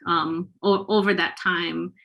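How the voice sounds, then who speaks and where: Woman panelist, measured and pausing, lowish voice. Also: steady tone, vocal fry, fairly bright tone, low-quality recording. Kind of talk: webinar panel talk.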